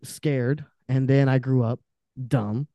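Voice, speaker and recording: A man's voice: mid-range voice, fairly even intonation, slow, mellow, no room sound, studio quality. A man who is a podcast guest, talking in a casual, heated, emphatic way and swearing often. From Romanian family background. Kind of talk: casual, profane podcast rant.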